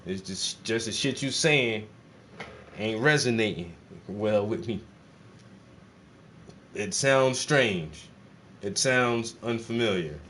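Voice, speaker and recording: This live-streaming painter talks to his audience slowly with long pauses, his voice lowish and carrying a little hiss or hum. He's blunt and animated, curses freely and fires off rhetorical questions in casual chat.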